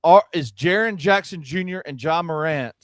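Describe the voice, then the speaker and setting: A man's voice: on the high side, normal speed, dry recording, studio quality. A man co-hosting a sports podcast, rambling and pleading in casual banter, laughing often. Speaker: co-host.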